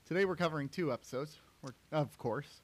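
A man co-hosting a podcast from a garage studio, easygoing and quick to laugh. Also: on the high side, dry recording. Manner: easygoing, laughs easily, halting restarts. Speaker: podcast co-host. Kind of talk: casual chat. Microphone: podcast soundboard mic.

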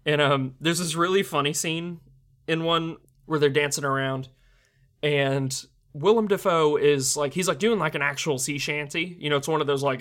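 A man's voice: on the high side, moderate pace, a bit bright. Rambling young man reviewing a film. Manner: rambling, laughing, many fillers. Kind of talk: casual video commentary.

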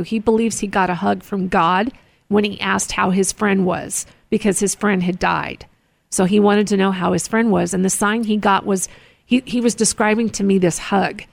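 A woman with a gravelly, fry-tinged voice chats earnestly as a show host. She tells personal stories, often stopping and restarting her sentences. The recording is dry and close. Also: medium pitch, dry recording. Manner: earnest, storytelling, many restarts. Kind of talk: casual chat. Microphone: close mic in a studio.

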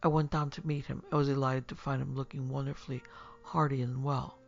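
A man narrating a classic story as an audiobook in a measured, formal manner. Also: medium pitch, little pitch movement, gravelly. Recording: dull lo-fi recording, faint music.

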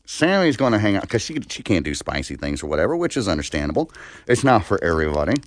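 A man's voice: low-pitched, fast talker, no echo. A man co-hosting a casual radio show, chatting and reacting while eating spicy sushi. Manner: animated, strained by spicy food. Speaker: co-host.

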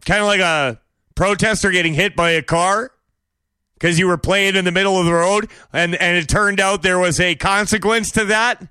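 A man's voice: high-pitched, steady tone, normal speed, smooth, no echo, studio quality. A man hosting a monologue show, giving opinionated commentary with sarcastic, mocking rhetorical questions. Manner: bursts into exaggerated shouted impressions. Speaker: podcast host.

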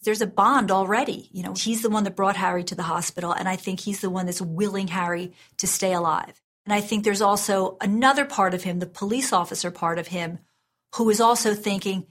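A woman's voice: mid-range voice, fairly quick, fairly bright tone. Earnest woman crime writer. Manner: earnest, storytelling with fillers. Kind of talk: interview commentary.

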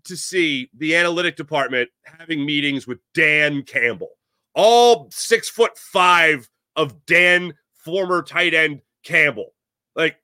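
An animated man hosting a sports talk show, rambling and joking through his take with plenty of fillers. His voice is bright and lively, swinging up and down in pitch, and sits a touch higher than most men's. The sound is dry and close. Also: a little slow, dry recording. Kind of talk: casual sports commentary monologue.

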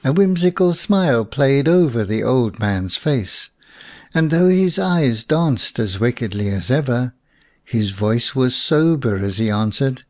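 A man narrating a folk tale audiobook in a slow, expressive storytelling voice. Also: mid-range voice, no echo, studio quality.

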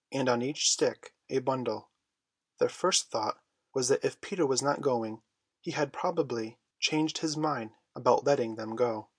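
A man narrating a storybook in a measured, expressive reading voice. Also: mid-range voice, breathy edge, no echo. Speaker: audiobook reader.

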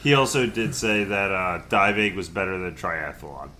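A man's voice: low-pitched, moderate pace, pushed and bright, a little hiss or hum. A man on a casual podcast, laid-back and hesitant.

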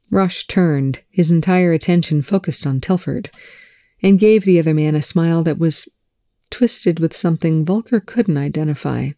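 Mellow, dry-sounding audiobook narrator. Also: mid-range voice, unhurried, dry recording. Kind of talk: scripted narration.

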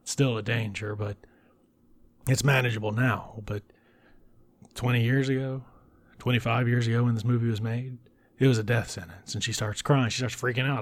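A man giving a casual recap of a film, talking bluntly with profanity and dropping into breathy whispered asides. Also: medium pitch, fairly even intonation, normal speed, pauses often. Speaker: film reviewer.

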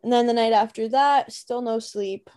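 Speaking at normal speed with a steady, dark tone, this young Canadian podcast co-host has a slightly high voice. She chats casually and tells a story, using plenty of fillers.

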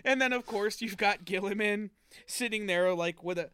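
A man in casual chat, animated and quick to laugh as he spins a comic story. His voice sits high and bright. The sound is dry and close. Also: clean tone, dry recording.

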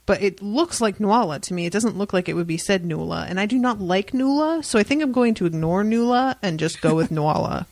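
Woman podcaster recapping a book, gravelly fry in her voice, dry close sound, swears a lot. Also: medium pitch, brisk, hardly any pauses, dry recording. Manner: animated retelling, dry asides, swears freely. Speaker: podcast host. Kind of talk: casual book discussion.

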